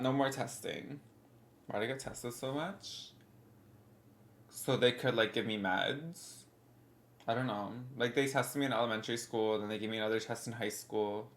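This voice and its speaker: A woman's voice: a bass voice, moderate pace, a bit bright. A young woman in her twenties, a bit congested, rambling casually as she answers her livestream chat.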